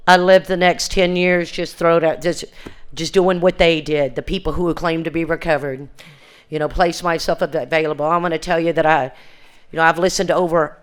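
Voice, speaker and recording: An older woman tells her recovery story at an alumni reunion. Her voice is smooth and clear, and she speaks in earnest, plain words. She often circles back and restarts her sentences and acts out the conversations she recalls. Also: low voice, fairly even intonation, normal speed. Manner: earnest, plain-spoken, with frequent restarts and quoted exchanges. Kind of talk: personal testimony at a recovery reunion.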